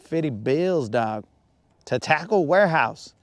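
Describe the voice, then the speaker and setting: Speaking a little slowly, this man has a fairly high voice with lively intonation and no echo. He runs a casual fishing livestream from his boat, easygoing and slangy as he chats with viewers.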